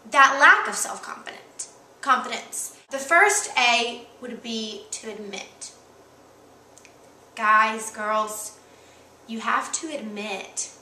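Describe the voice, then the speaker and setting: Bright, high-voiced young woman in an echoey room. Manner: upbeat and emphatic, leaning on repeated key words. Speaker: co-host. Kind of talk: motivational vlog talk. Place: indoor room with a kitchen counter.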